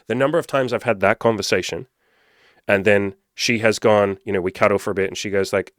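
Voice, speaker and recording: A man speaks in a fairly low voice, delivering dating coaching as a blunt, profanity-laced monologue. He hammers his points with emphatic rhetorical questions. The sound is dry and close, with no room around it. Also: steady tone, a little fast, dry recording. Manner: blunt, heavy swearing. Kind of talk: casual monologue to camera.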